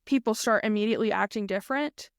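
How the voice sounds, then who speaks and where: A woman co-hosting a casual chat podcast, talking excitably and filling her sentences with "like". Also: medium pitch, quick pace, dry recording, studio quality. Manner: chatty, heavy use of "like", excitable. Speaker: podcast co-host.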